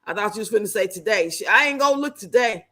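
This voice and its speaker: Bright-voiced woman streamer, blunt and salty. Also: medium pitch, expressive, fast talker. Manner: blunt, salty, laughing commentary with slang. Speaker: livestreamer reacting to videos and reading chat. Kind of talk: casual live stream chat.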